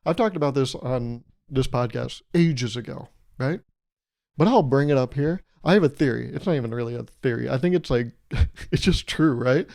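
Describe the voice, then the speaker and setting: A man's voice: mid-range voice, moderate pace, creaky, darkish tone. A young man hosting his own podcast, rambling through a casual comedic monologue and slipping into playful mock voices. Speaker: podcast host.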